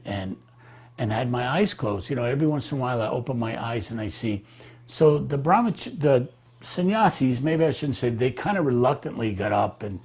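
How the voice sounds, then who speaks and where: A man telling a personal memory in an animated, halting way, with many fillers and restarts. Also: mid-range voice, breathy edge. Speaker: devotee recalling memories. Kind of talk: animated storytelling.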